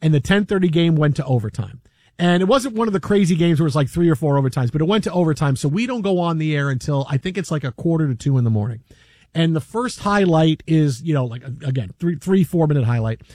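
A man hosting a sports radio show, telling a story in an animated, rambling way full of fillers from a radio studio. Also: a little high, fast talker, no echo. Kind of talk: casual storytelling chat.

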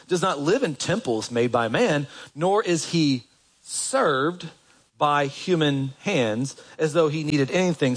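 Animated, conversational male pastor preaching. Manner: conversational, asks the congregation questions; animated, jumps up in pitch for emphasis. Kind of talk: sermon.

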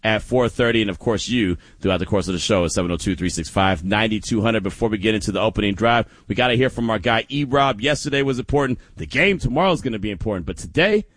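A man hosting a sports talk radio show, telling stories with lots of laughter and animated energy. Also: fairly low pitch, fast, hardly any pauses, dry recording.

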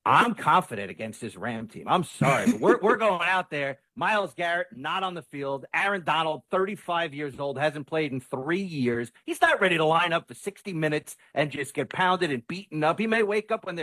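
A man's voice: on the high side, lively intonation, moderate pace, few pauses, bright, forceful tone, no room sound. A man commentating on football with confidence, often restarting his sentences. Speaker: sports commentator. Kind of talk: sports talk podcast.

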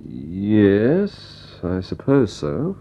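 An actor playing a thoughtful investigator who narrates in a measured, reflective way, in vintage radio drama style. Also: male voice, deep voice, expressive, a little hiss or hum. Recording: dull lo-fi old radio recording with faint music.

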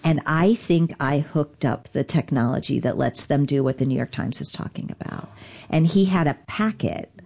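Woman, very low voice, candid wry storyteller, interview guest. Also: a little mellow. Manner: candid, wry, self-deprecating. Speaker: interview guest, digital rights advocate. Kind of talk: conversational storytelling.

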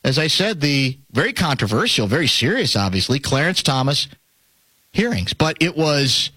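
A man hosting a talk radio show, rambling and animated, often breaking off and restarting his sentences. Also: fairly high pitch, normal speed, breathy edge, dry recording. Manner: animated, rambling, self-interrupting.

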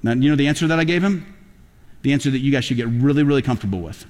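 A man's voice: mid-range voice, rapid-fire. A man preaching a sermon as pastor, telling stories and building to emphatic peaks. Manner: animated storytelling preacher, rising to emphatic peaks. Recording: long hall reverb.

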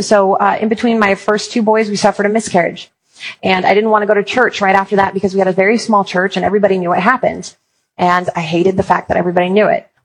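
A woman's voice: medium pitch, slightly rough, poor audio. A woman giving an earnest Christian talk, mixing encouragement with humorous personal stories. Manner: humorous, animated storytelling. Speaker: Christian speaker.

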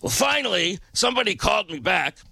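A male radio DJ talks casually and with animation from a radio studio. His voice sits high and carries a heavy gravelly crackle with a sharp, bright edge. The studio sound is close and dry. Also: big pitch swings, fairly quick, no room sound.

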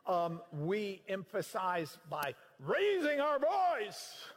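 A man teaching scripture in a sermon, explaining with emphatic, animated delivery. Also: high voice, extremely slow, in a large hall. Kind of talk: sermon-style Bible teaching.

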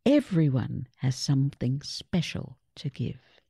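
A wise old grandmother speaks slowly and gently, as a woman voices her in a storybook. The voice is gravelly and husky with a warm, dark tone. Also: a bass voice, very animated, no room sound, clean studio sound, heavily acted. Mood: gentle. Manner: gentle, encouraging.

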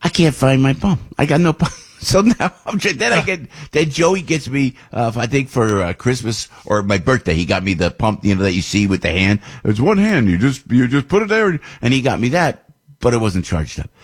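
A man's voice: medium pitch, animated, moderate pace, husky. A man casually telling a rambling story straight to the listener, chuckling often between phrases. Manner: talks directly to the listener.

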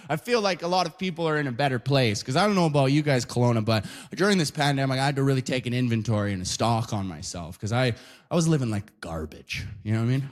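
A man performing a stand-up set at a live show, animated and tacking "right?" onto his lines while acting out characters. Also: mid-range voice. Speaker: stand-up comedian.

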